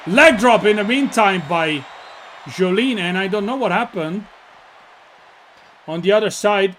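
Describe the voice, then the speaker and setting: Man, Italian accent, wrestling commentary, slow deliberate pace, faint hiss behind. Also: sits high. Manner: bursts into shouts on big moves, jokey asides to co-hosts. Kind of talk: excited play-by-play commentary.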